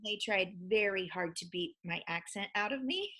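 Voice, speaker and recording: A woman's voice: medium pitch, normal speed. A woman from Missouri with a mild southern Missouri accent, chatting animatedly as a podcast guest in a studio. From Springfield, Missouri. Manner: animated storyteller, laughs often. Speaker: guest comedian and actress. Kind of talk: casual chat.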